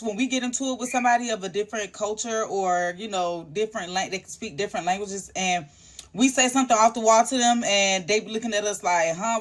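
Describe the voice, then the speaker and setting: A woman's voice: fairly high pitch, fairly bright tone. A woman from the United States in a casual, profane rant, blunt and defiant. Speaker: speaker in a clip.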